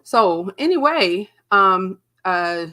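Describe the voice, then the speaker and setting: Speaking extremely slowly in a mid-range voice, this podcast co-host, a young adult woman, relates a story casually. She's animated and profane, acting out other people's quotes as she goes.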